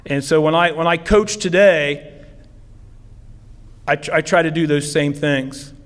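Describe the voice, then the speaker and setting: A man's voice: fairly high pitch, steady tone, unhurried, smooth. A middle-aged man from southeastern Ohio, a football coach giving an acceptance speech, telling stories in a rambling, heartfelt way with many fillers. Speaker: football coach, hall of fame inductee. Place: ceremony hall. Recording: long hall reverb.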